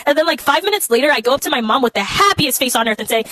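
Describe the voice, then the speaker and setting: Animated woman telling a self-mocking story, fast-talking and high.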